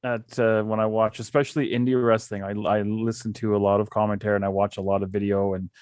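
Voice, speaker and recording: A man's voice: on the low side, level tone, fast talker, a little mellow, dry recording, studio quality. A middle-aged man who works as a wrestling commentator, talking earnestly and with firm opinions as a podcast guest. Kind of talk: casual podcast chat.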